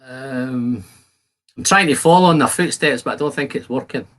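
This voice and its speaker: A man's voice: mid-range voice, normal speed, a bit bright. A man hosting a casual whisky-tasting livestream from his shed, bantering with viewers and reading their comments aloud in a jokey, chatty way. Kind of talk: casual live-stream chat while tasting whisky. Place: home shed.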